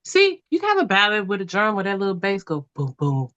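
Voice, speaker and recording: A woman's voice: medium pitch, brisk, muffled recording. A woman co-hosting a casual music podcast, speaking emphatically and imitating drum beats as she talks. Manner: animated, mimics drum sounds, emphatic. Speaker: podcast co-host.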